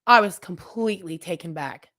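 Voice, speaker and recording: A woman's voice: lowish voice, moderate pace, fairly bright tone. A woman hosting her own podcast, telling a personal story in a candid, chatty way, talking straight to her listeners and often restarting sentences or going off on asides. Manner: rambling with frequent restarts and asides. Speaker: podcast host. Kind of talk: personal storytelling, casual chat.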